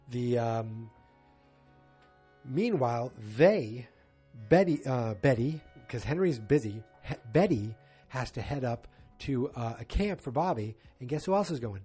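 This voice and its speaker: Male podcast host, mid-pitched and husky, chatty rambling recap style, faint music bed. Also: dark tone. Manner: rambling, chatty retelling with quoted lines. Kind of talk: casual episode recap.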